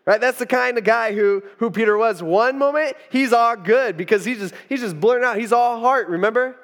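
A man's voice: very high voice, normal speed, fairly bright tone. A man preaching a casual storytelling sermon, chatty and full of fillers, acting out the quotes. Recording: reverberant hall.

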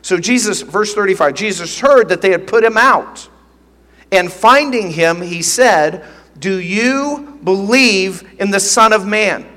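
A man's voice: high-pitched, a little slow, bright, forceful tone. A man preaching a sermon as pastor, teaching earnestly and emphatically, often repeating phrases. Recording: long reverb of a large hall.

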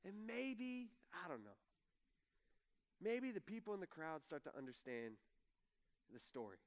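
A man's voice: high voice, big pitch swings, a little slow. A man preaching a sermon in a casual, conversational way, acting out the people he quotes. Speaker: pastor. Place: church hall with audience.

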